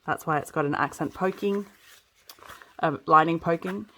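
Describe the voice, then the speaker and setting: A woman talking through a sewing tutorial step by step, chatty and relaxed, often checking in with viewers as she works. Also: deep voice, normal speed. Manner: chatty, explains as she works, frequent "okay" and "so". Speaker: sewing instructor. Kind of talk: casual step-by-step craft tutorial.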